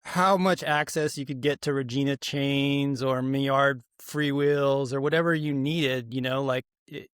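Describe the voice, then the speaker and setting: A man's voice: medium pitch, smooth, no room sound, clean studio sound. A man in his sixties, recalling old times in a casual chat, hesitant with many fillers. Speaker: guest.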